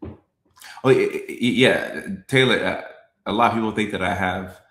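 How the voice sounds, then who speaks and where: A man's voice: on the low side, moderate pace, fairly bright tone, roomy sound. A young man, a comedian, chatting casually on a live stream, reading comments and repeating his lines with a laid-back chuckle.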